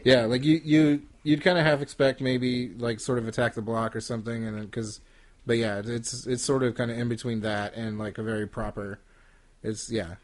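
A man talks as a guest on a casual movie podcast. He speaks at a middling pitch and stumbles through his points, full of hedges and restarts. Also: little pitch movement. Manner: halting, with many restarts and hedges. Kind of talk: casual chat.

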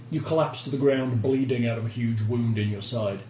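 A man's voice: medium pitch, fairly even intonation, brisk, few pauses, dark tone, slight background noise. Man as game master, echoey room. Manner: reads rules text, narrates plainly. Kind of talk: running a tabletop game.

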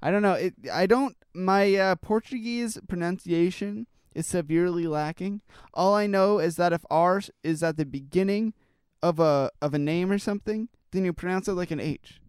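A man's voice: high voice, moderate pace, a little mellow, clear, resonant tone, no echo, clean studio sound. A man co-hosting a casual chat, reacting to news stories in a rambling, talkative way with lots of fillers. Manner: rambling, chatty, trails off and restarts with fillers. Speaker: podcast co-host.

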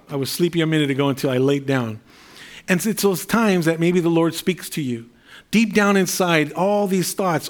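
A middle-aged male pastor preaching a sermon in an earnest, conversational way, with fillers and repeated phrases. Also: on the high side.

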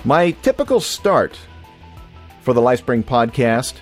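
A man's voice: medium pitch, sing-song, unhurried, faint music behind. A man from California hosting a podcast in a casual, rambling monologue with many restarts. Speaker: podcast host.

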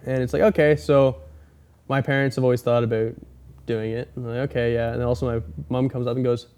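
A man's voice: mid-range voice, flat delivery, fast talker, a little mellow, clear, resonant tone. A young man hosting a podcast, telling a rambling story in casual chat and acting out the quotes. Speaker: podcast host.

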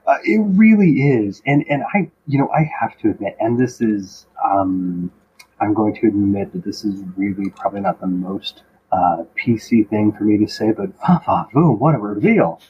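A man's voice: fairly low pitch, expressive, moderate pace. A man co-hosting a podcast, chatting casually about a TV episode and throwing in joking asides. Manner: jokey, teasing asides. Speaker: podcast co-host. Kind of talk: casual chat reviewing a TV episode. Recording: dull lo-fi sound with faint noise.

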